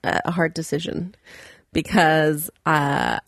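Woman, podcast co-host, lowish dry voice, rambling, quick to laugh. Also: sing-song, vocal fry, dry recording. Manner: rambling, laughs often, trails off mid-sentence. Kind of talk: casual podcast chat.

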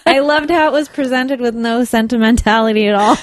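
A woman co-hosting a comedic podcast, wry and teasing, and quick to laugh. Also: fairly high pitch, no echo. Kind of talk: comedic casual chat.

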